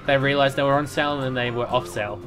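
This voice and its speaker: A man's voice: medium pitch, racing, music in the background. A man giving casual, rambling commentary while playing a city-building game, with lots of fillers and restarts. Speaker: let's play commentator.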